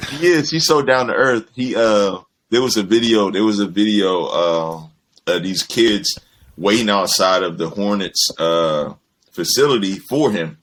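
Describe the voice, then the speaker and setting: A young man, co-host of a podcast, chatting casually and telling animated stories with lots of swearing. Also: on the low side, measured pace. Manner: animated storyteller, mimics people in quotes, swears freely. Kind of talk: casual chat.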